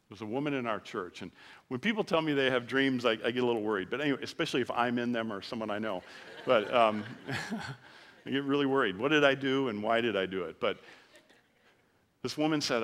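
A man's voice: mid-range voice, fairly quick, fairly bright tone. A middle-aged man preaching a sermon as a pastor, talking in a conversational, self-deprecating way and growing emotional at times.

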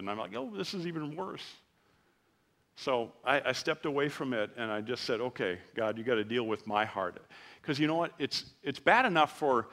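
A man's voice: medium pitch, a bit bright. A middle-aged man preaching a sermon as a pastor, talking in a conversational, self-deprecating way and growing emotional at times.

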